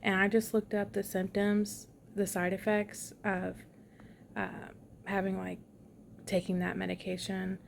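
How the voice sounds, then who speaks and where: A young woman talks into her phone from a hospital room in an easy, rambling way, full of ums and likes. Her voice is gravelly and stays flat, with a worn-out, slightly grouchy edge. A faint hum sits under the recording. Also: medium pitch, measured pace. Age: young adult. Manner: chatty, tired and a bit grouchy, lots of fillers. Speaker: vlogger. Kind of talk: casual hospital update vlog.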